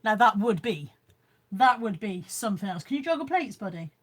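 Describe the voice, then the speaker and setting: A woman's voice: medium pitch, expressive, moderate pace. A woman chatting casually on a live stream at home, showing her haul and reading out viewer comments. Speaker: vlogger. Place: room at home.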